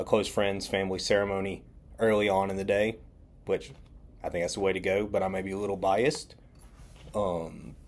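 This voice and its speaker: A man's voice: low-pitched, a little mellow. A young man hosts a podcast alone, telling a story casually with many ums and restarts. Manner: rambling, with many ums and quoted dialogue. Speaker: podcast host.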